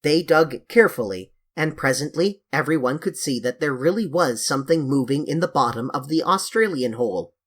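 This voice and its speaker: An audiobook narrator reading a children's novel in an expressive, lively storytelling manner. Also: medium pitch, normal speed, few pauses, breathy edge.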